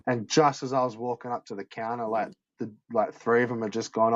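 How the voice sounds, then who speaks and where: A man's voice: medium pitch, a little fast, no echo. Man, casual sweary storyteller, dry and dull sound. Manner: swears a lot, heavy use of "like", animated retelling.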